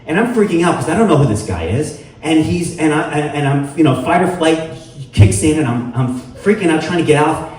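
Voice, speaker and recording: A middle-aged man hosts a live storytelling show at a venue with an audience, rambling with lots of fillers and poking fun at himself. His voice is fairly high and a little mellow, brisk, with lively intonation. The mic is distant, so he sounds echoey and far off, with faint noise.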